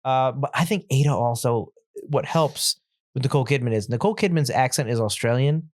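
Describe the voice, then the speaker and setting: A man co-hosting a film podcast, talking in a loose, rambling, easygoing way and sliding into little jokes at his own expense. His pitch sits in an ordinary middle range. The studio sound is dry and close, with no room echo. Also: fairly quick. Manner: rambling, easygoing, self-deprecating humor. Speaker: podcast co-host. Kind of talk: casual film discussion. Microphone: studio mic.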